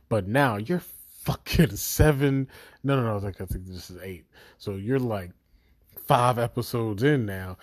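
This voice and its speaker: Profane, animated man reviewing a series. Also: fairly low pitch, moderate pace, dry recording, studio quality. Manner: profane, animated storytelling with acted inner voices. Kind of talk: casual spoken review.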